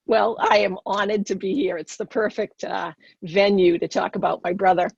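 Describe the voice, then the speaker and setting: A woman's voice: mid-range voice, flat delivery, moderate pace, creaky, a little mellow, slightly rough, no room sound, lo-fi sound. A middle-aged woman with a Boston accent, telling her personal story earnestly as a podcast guest.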